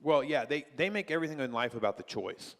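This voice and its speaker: A man's voice: medium pitch, expressive, fast talker. Male pastor teaching in a church hall. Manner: conversational, rhetorical questions. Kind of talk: church class lesson.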